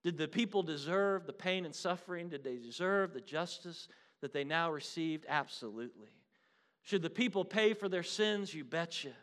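Man, preacher, sermon, somewhat high-pitched, booming lines then hushed ones, addresses "beloved". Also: moderate pace. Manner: swings between loud declarations and hushed, quiet lines.

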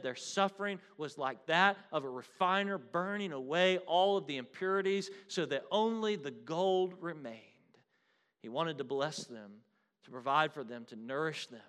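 A male preacher delivers a sermon in a voice pitched a little above the usual. He swings from loud, ringing declarations down to hushed, quiet lines, and he addresses his listeners as "beloved.".

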